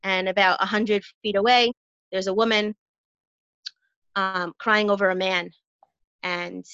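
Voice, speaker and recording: A woman guest in a casual conversation, chatty and jokey, quick to laugh. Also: mid-range voice, little pitch movement, a bit bright, clean tone, dry recording, highs cut off.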